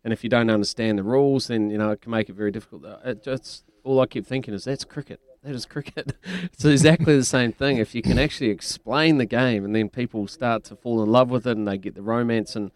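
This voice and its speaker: A man's voice: mid-range voice, fast, few pauses, no echo. A man hosting a sports radio show, chatty and teasing, laughing often. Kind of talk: casual radio chat.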